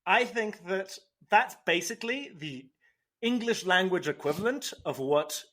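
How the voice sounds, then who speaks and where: Young male co-host, chatty and animated, bright forward tone, lively pitch. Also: unhurried. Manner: animated, self-deprecating, restarts. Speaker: podcast co-host. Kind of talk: casual chat.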